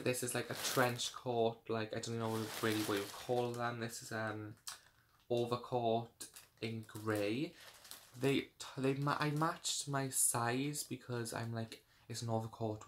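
A man's voice: medium pitch, level tone, a little slow, slight background noise. A young man chatting casually through a clothing try-on haul, rambling with lots of fillers. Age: young adult. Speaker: fashion vlogger.

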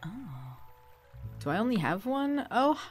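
A woman's voice: a little high, sing-song, normal speed. Giggly woman chatting over gameplay. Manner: giggly, chatty, talks to game characters. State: slightly sniffly from a runny nose. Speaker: let's play gamer. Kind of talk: casual gameplay commentary. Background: faint game music.

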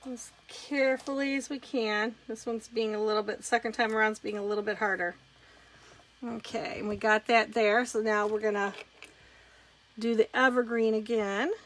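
A woman's voice: a little high, fairly even intonation, moderate pace. A woman hosting a live craft demonstration, chatting casually as she talks through each step of her work.

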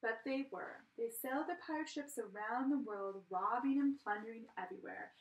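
Woman teacher reading a kids story, lively, echoey room. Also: fairly high pitch, normal speed, a little hiss or hum. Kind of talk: children's story read-aloud. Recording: roomy, from a distance.

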